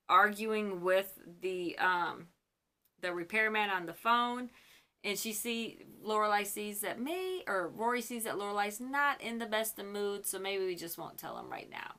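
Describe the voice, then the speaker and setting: A woman's voice: mid-range voice, pushed and bright. A young woman from Michigan, recapping a TV episode in a gushing, chatty way as host of her fan channel. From Michigan, US Midwest.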